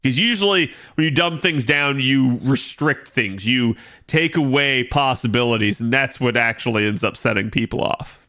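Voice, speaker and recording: Casual streamer guy with a bright, forceful voice who rambles loosely and thinks out loud. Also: mid-range voice, moderate pace, few pauses. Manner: rambling, thinks aloud with many fillers. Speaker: game streamer chatting with viewers. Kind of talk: casual live-stream chat.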